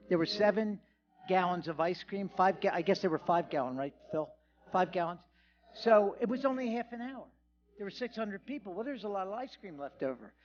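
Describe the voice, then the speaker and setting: A man's voice: sits high, muffled recording. A man giving a humorous award acceptance speech at a banquet, telling a self-deprecating story with jokes. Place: banquet hall.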